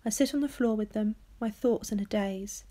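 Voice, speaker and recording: A woman's voice: medium pitch, moderate pace, mellow. A woman teacher reading a children's novel aloud to her class, telling it steadily and switching into voices for the characters.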